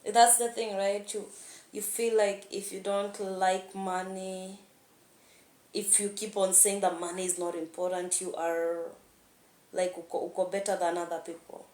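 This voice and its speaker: A woman's voice: mid-range voice, flat delivery, a little slow, a little mellow. A young woman talking candidly in a rambling vlog monologue, laughing often. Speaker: vlogger. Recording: echoey room.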